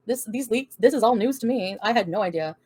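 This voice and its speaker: A woman's voice: on the high side, lively intonation, fairly quick, darkish tone, breathy edge. A woman hosting a casual livestream, reading out and answering viewer comments in a blunt, profane, defiant way, laughing often. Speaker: livestream host answering chat.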